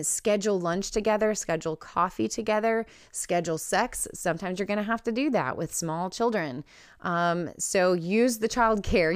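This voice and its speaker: A woman's voice: lowish voice, clear, resonant tone, dry recording, clean studio sound. A middle-aged woman hosting a podcast, giving earnest, casual advice with frequent "um" fillers. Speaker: podcast host.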